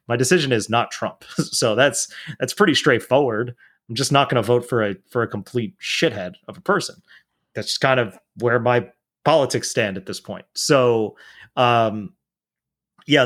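A man's voice: mid-range voice, normal speed, a bit bright. A man talking politics in a casual chat, blunt and profane, rambling with restarts.

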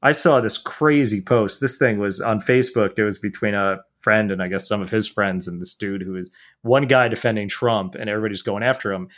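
A man's voice: fairly low pitch, steady tone, a little fast, a bit bright. A man talking politics in a casual chat, blunt and profane, rambling with restarts.

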